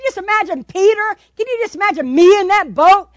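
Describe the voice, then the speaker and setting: A woman preaching a sermon, animated, repeating words for emphasis and asking the listeners questions. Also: very high voice, brisk, hardly any pauses.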